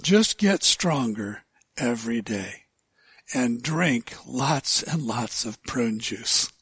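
A man's voice: medium pitch, expressive, slow pace, fairly bright tone, husky, dry recording, pitched below the performer's own voice, exaggerated voice. A man putting on the voice of a spry, joking old man who gives folksy advice.

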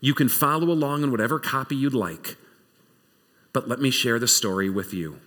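A man preaching a sermon, telling the story in an animated, conversational way. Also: medium pitch, moderate pace. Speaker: pastor.

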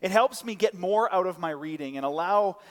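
Male pastor, fairly high voice, chatty sermon with side notes, long hall reverb. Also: animated, moderate pace. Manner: conversational, many restarts and side notes. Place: church.

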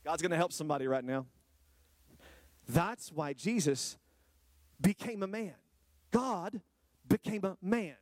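A male pastor preaches, questioning his congregation directly. His voice sits a little high, and it drops low and quiet, then climbs into loud, stretched-out exclamations. The recording is dry and close, with little room sound. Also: expressive, a little slow, long pauses, no room sound. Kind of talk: sermon. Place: church hall with a congregation.

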